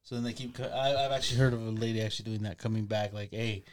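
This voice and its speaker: A man co-hosting a podcast, joking and swearing in casual chat with quick comebacks. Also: lowish voice, steady tone, a crowd in the background. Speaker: podcast co-host.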